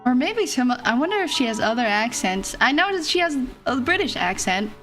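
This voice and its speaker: A woman's voice: sits high, big pitch swings, a little fast, fairly bright tone, soft background music. A young woman streamer chatting casually and rambling, laughing often as she talks. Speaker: vtuber streamer. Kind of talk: casual chat.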